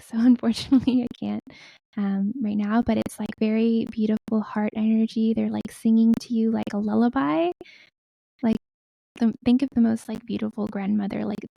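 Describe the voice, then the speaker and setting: A woman leads a guided meditation in a very dark, mellow voice with a gravelly fry. She speaks softly and slowly, sometimes whispering, and she chants in an invented light language. Her pitch sits fairly high but stays flat and even, and the sound is dry and close. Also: dry recording, rough recording. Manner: soft, slow, soothing delivery that drops into whispers. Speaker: guest spiritual healer.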